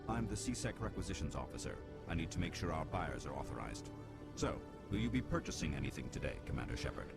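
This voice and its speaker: A stern alien supply officer in a video game, his very low voice rough and gravelly. He talks quickly in a clipped, formal manner, with game music playing underneath. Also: big pitch swings, heavily acted. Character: stern alien male security requisitions officer.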